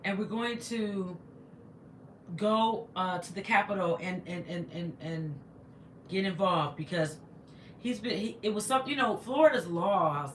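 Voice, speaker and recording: A woman's voice: medium pitch, measured pace, roomy sound, a little hiss or hum. A woman, a teacher, chatting casually on a livestream, greeting viewers and rambling with stumbling restarts into a laptop microphone.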